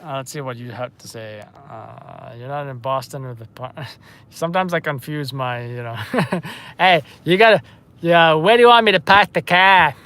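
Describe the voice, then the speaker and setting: A man's voice: medium pitch, a bit bright, clean tone. A man hosting a live news stream, chatting casually and off-the-cuff with viewers.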